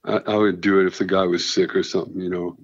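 A middle-aged man telling stories in casual chat, halting and full of restarts, with a self-deprecating manner. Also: low voice, flat delivery, no room sound. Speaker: guest comedian and veterinarian. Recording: dull lo-fi sound.

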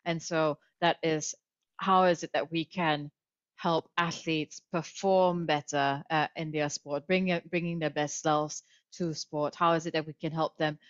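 Woman interview guest, lowish voice, measured with many ums, muffled dry lo-fi sound. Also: fairly even intonation, no echo. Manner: measured, with frequent fillers. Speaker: podcast guest, author. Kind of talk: interview answers. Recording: dull lo-fi audio.

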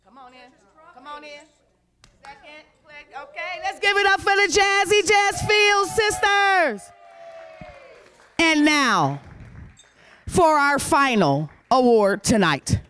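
A woman hosts a youth talent show, her voice sitting high. She is animated and cheering, calling names out loud as she waves each child up to collect an award. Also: slow, long pauses, a little hiss or hum. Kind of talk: lively emcee handing out awards. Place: congregation hall.

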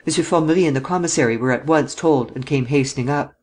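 Measured male audiobook narrator. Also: on the high side, a little mellow. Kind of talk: scripted narration.

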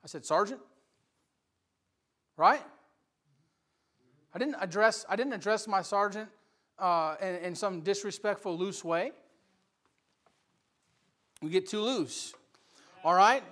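A man preaching a Bible study sermon in church, swinging between quiet asides and loud, emphatic exhortation. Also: high-pitched, takes it slowly, long pauses. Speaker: pastor.

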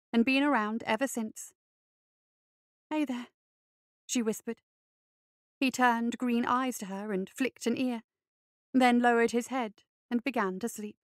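A woman reading a fantasy story aloud in measured, even scripted narration. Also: a little high, no echo, clean studio sound. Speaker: reader.

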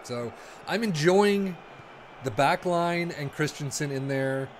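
A young man talks through a football management match, his voice bouncing between low muttered asides and sudden high yelps. He sits a little high in pitch, with a lively, swooping delivery. A steady hiss runs under the home recording. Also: takes it slowly. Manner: excitable, swings from mumbling asides to sudden yelps. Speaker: gaming video creator. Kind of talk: casual gameplay commentary.

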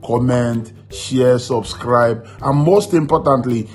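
A man with a Nigerian accent giving a lively outro for his channel. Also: mid-range voice, slow. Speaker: channel host. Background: faint music.

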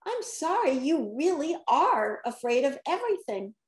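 A woman puts on a cheerful little girl from a storybook, high and eager, her voice leaping up and down as she talks. She sounds a little roomy, with some echo around her. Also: big pitch swings, a little slow. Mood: chirpy.

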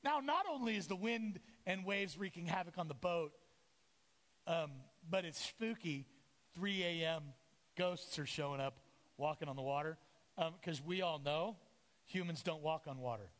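A male pastor preaching a lively sermon to his congregation, acting out the voices of the disciples and Jesus. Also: a little high, normal speed. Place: church sanctuary. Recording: echoey church hall.

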